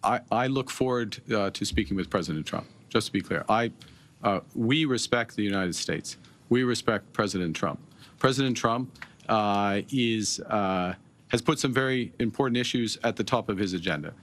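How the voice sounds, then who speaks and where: A middle-aged man from Canada answering reporters' questions at a press conference, measured and halting, with many pauses and fillers. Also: on the low side, a bit bright. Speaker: prime minister at a press conference.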